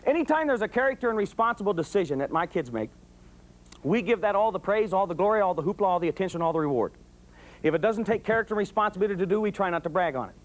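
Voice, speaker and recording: A quick-talking middle-aged man with a raised, high-set voice lectures parents the way a preacher works a crowd. He hammers phrases again and again, tells homespun stories, and breaks into yells when he acts out his anecdotes. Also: animated. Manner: emphatic, repetitive preacher-like cadence; folksy storytelling, bursts of yelling when acting out anecdotes. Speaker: police sergeant speaking to parents. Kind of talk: motivational talk to parents.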